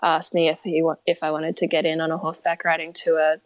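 A woman's voice: sits low, completely flat delivery, fast talker, no room sound. An upbeat, enthusiastic woman with an Australian accent, chatting casually as a podcast guest. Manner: upbeat, enthusiastic, laughs easily. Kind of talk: casual interview chat.

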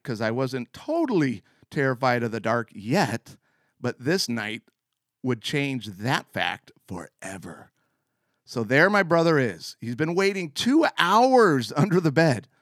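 A man hosting a show, telling a funny personal story in an animated way, often laughing as he talks. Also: medium pitch, dry recording, studio quality. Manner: animated, laughs mid-sentence. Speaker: show host. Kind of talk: comic storytelling monologue.

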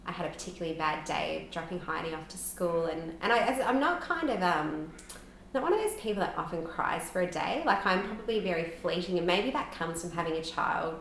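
A woman in her thirties, a guest on a podcast, speaks in a lowish, lively voice that runs a little fast and sounds a bit bright. She tells her story candidly and emotionally, leaning heavily on "like" as a filler. The room is echoey, with faint noise in the background.

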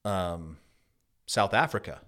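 A man's voice: deep voice, takes it slowly. A man in his thirties hosting a podcast, telling a story in casual chat and acting out the voices in it. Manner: animated storyteller, acts out quoted voices. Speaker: podcast host.

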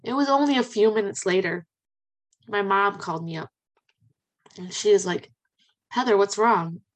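A woman in her thirties, hosting a podcast, telling personal stories in a chatty, animated way with frequent exclamations. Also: mid-range voice, normal speed. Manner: chatty and animated, with many fillers and excited exclamations. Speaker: podcast host. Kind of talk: personal storytelling.

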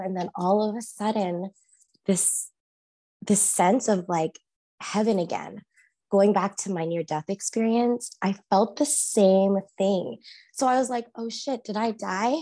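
A young woman telling a personal story as a guest, casual and animated, laughing often, acting out her own past lines and using lots of "like" fillers. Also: mid-range voice.

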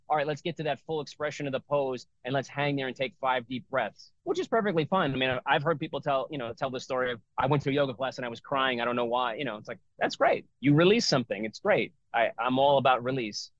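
A man's voice: medium pitch, no room sound. A middle-aged man, a breathwork and yoga teacher, talking loosely in a casual interview, full of fillers and restarts. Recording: slightly dull, dry audio.

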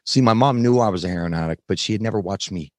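Frank male podcast guest, low voice, dry close sound, blunt storyteller. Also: dry recording. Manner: frank, plain-spoken, occasional swearing; halting, many fillers and restarts while recounting. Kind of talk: candid interview storytelling.

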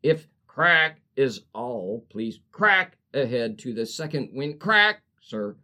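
A man's voice: medium pitch, very animated, slow pace, bright, forceful tone, full character voice. A man voicing a sweet young female drive-thru clerk whose politeness turns icy, in rhyming verse. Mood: prim, icy.

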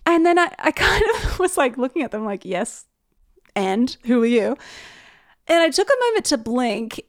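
A woman's voice: very high voice, big pitch swings, a little fast, no echo, studio quality. A young woman telling a personal story in a casual, chatty way, often laughing as she goes.

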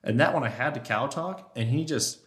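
A man guesting on a podcast, chatting casually and telling hunting stories with lively, animated delivery. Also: brisk. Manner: animated storyteller who acts out elk talk in a high voice. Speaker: guest elk hunter and caller.

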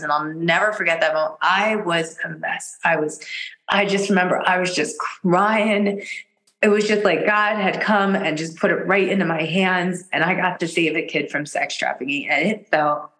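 A woman guest on a podcast, an energy healer telling a personal story in casual chat, animated and laughing often as she acts out what people said. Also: low-pitched, rough recording. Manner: animated, laughs often, jumps into quoted voices.

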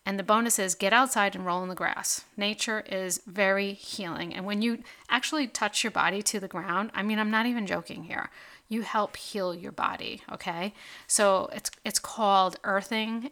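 Bright-voiced chatty woman podcaster. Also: medium pitch, fairly even intonation, moderate pace. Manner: chatty, full of "like" and tag questions "right?" and "okay?". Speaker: podcast host. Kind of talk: casual podcast monologue.

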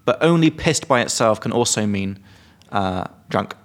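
Male co-host, lower voice, casual teacher explaining slang with examples. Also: expressive, moderate pace. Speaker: podcast co-host, English teacher. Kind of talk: casual chat.

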